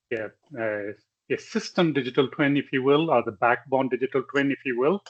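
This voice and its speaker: Man, lecturer, technical slide talk, measured, lots of fillers, slightly muffled audio. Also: mid-range voice, fairly bright tone. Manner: measured, with frequent fillers and self-corrections.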